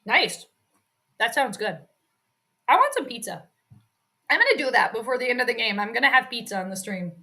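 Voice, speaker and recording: A woman's voice: fairly high pitch, big pitch swings, fairly quick, pauses often, bright, forceful tone. A woman giving casual live play-by-play commentary on a stream, chatty and reacting to each play while talking with her chat.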